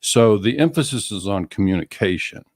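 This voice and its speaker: A man's voice: on the low side, expressive, moderate pace, a little mellow, no room sound, clean studio sound. A middle-aged man co-hosting a business podcast, explaining with examples and acting out customer conversations. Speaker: co-host, auto finance coach.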